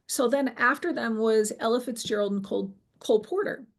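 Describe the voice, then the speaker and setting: A middle-aged woman with a gravelly, somewhat high voice tells a personal story in an interview. She is animated, slips into quoting what people said, and fills pauses with ums and restarts. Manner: animated storyteller, acts out quoted dialogue, frequent fillers. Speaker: guest telling her near-death experience.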